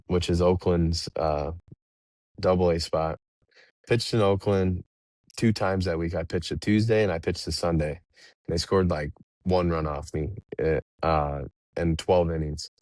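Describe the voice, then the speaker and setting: A man in his twenties, a professional baseball pitcher and podcast guest, telling laid-back, rambling stories with easy laughs between them. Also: darkish tone, dry recording, clean studio sound. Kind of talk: casual interview storytelling.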